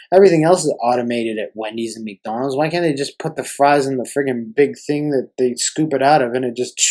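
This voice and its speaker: A man's voice: mid-range voice, a little mellow, low-quality recording. A young man hosting a podcast, ranting in an exasperated, profane way. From Canada. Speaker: podcast host.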